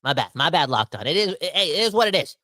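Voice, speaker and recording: A young man hosting a casual podcast, rambling and animated, swinging between fired-up outbursts and quieter asides. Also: on the high side, fast talker, dry recording. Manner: rambling with frequent restarts and self-corrections. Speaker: podcast host. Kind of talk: casual ranting podcast talk.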